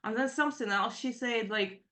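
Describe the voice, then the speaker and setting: A middle-aged woman with a slightly high voice tells her own story in a Q&A session. She rambles and halts, leaning on "you know, like" fillers. Her delivery carries nervous emotion. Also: moderate pace, sharp tone. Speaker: participant in a Q&A session. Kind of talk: personal account in a spiritual Q&A.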